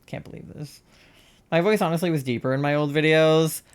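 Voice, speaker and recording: A young transmasc streamer in their twenties, chatting casually while gaming, rambling with lots of "like" and self-deprecating asides. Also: male voice, a little high, brisk, clear, resonant tone.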